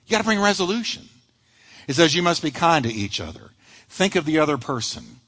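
A man's voice: a little high, sing-song, a little fast, bright, forceful tone, big-room sound. A pastor preaching a sermon to a congregation, acting out the quoted lines of the people he describes.

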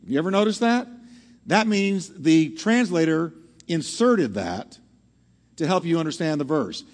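A man preaching a teaching sermon to a congregation, animated and often asking the audience questions. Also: fairly high pitch, unhurried. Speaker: pastor. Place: church hall with live audience. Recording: long hall reverb.

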